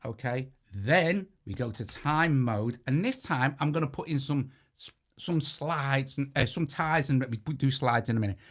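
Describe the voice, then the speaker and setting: With a mid-range, fairly bright voice, a British man talks animatedly at a moderate pace and barely pauses during a hands-on synth gear walkthrough. He keeps it casual, correcting himself as he presses buttons over playing synthesizer sequences.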